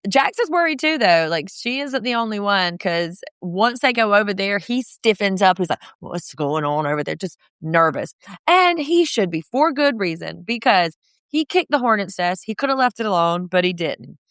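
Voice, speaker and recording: A woman's voice: medium pitch, moderate pace, smooth, dry recording, studio quality. Profane, sarcastic woman podcaster. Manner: profane, sarcastic, animated quoting. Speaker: podcast co-host. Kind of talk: casual reality TV recap.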